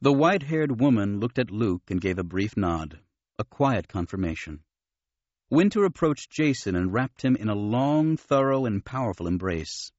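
Male audiobook narrator, low voice, lively expressive delivery, dry, dull muffled sound. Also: moderate pace, no room sound. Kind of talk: scripted narration.

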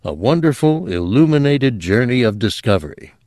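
A man narrating an audiobook in an expressive, dramatic reading style. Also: mid-range voice, normal speed, no room sound, clean studio sound.

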